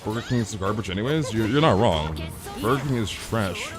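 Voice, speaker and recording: A man's voice: lowish voice, animated, a little fast, music in the background. A man chatting casually on a live game stream, ranting animatedly and peppering his talk with "freaking" and "dude".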